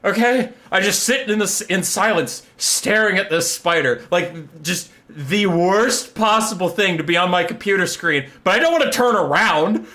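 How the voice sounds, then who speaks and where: Young male streamer, casual and foul-mouthed, with a bright, sharp tone. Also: high-pitched. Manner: animated, profane storytelling. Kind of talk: casual live-stream chat.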